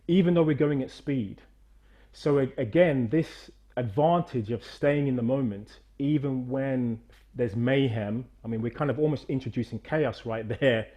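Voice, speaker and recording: A middle-aged man coaching a movement demonstration over a video call, animated and encouraging, straining on repeated counts. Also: mid-range voice. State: out of breath after exercise. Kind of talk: energetic guided demonstration.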